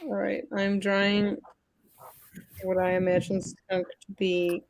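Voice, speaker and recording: A woman's voice: mid-range voice, flat delivery, takes it slowly. A woman chatting casually on a livestream, playful and full of curious questions. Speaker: co-host.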